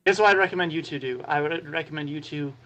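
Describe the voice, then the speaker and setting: Male player, joking, planning in character, slightly high voice. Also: fast talker, pushed and bright, highs cut off. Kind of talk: casual tabletop game chat.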